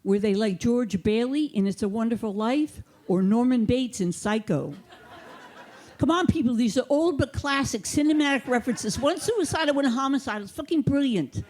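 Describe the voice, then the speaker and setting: A woman comedian delivers her set with a deadpan, mock-authoritative manner. Her voice sits somewhat higher than most women's. She is recorded through a handheld mic on a theater stage. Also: moderate pace. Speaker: stand-up comedian.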